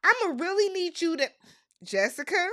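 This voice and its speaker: A woman's voice: extremely high pitch, normal speed, no room sound, studio quality. A young adult woman from the United States giving a casual, slangy recap of a reality show and acting out the cast's lines. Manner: chatty, animated, slangy, mimics cast members' lines. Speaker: recap vlogger.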